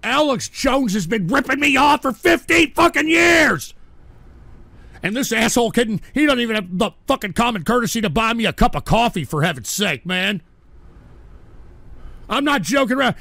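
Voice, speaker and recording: High, gravelly man ranting on air. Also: no echo. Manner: exasperated, profane, swings between yelling and weary muttering. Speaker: streamer hosting a comedy radio show. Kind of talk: comedic on-air meltdown rant.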